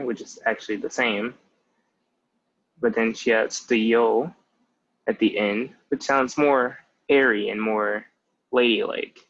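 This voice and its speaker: A young male language tutor in his twenties, with a medium-pitched and fairly bright voice, gives a casual spoken lesson. He explains step by step, often opening with "so" and "basically," in a muffled lo-fi recording.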